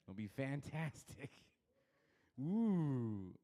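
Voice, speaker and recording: A man's voice: mid-range voice, sing-song, very slow, warm tone. Rambling, crude stand-up comic man. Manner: loose, rambling, crude delivery with frequent self-laughter. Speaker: stand-up comedian. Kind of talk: stand-up comedy set. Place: dark comedy club stage.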